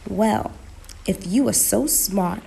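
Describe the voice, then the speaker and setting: A woman's voice: medium pitch, slow pace, vocal fry, dark tone, slight background noise. A woman voicing a puzzled female guinea fowl who asks questions in a storybook tale. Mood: challenging. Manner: questioning, matter-of-fact.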